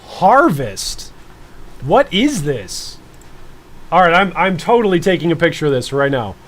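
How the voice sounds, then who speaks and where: Man, thirties, high voice, playful live-stream chatter, jokey, speaks to his viewers. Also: big pitch swings, measured pace, fairly bright tone, a little hiss or hum. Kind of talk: live-stream reaction chat.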